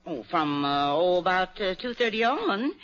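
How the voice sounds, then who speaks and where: A woman's voice: fairly low pitch, very animated, normal speed, a bit bright, faint music behind. An actress playing a kindly, hospitable older mother who talks in a fluttery, hesitant, homely way, in 1940s radio acting. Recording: dull old radio broadcast.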